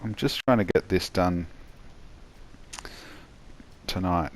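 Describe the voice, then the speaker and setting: A tired man giving a rambling, halting voice-over commentary on his own gameplay, yawning as he goes. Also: low-pitched. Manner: rambling, halting, many restarts and fillers.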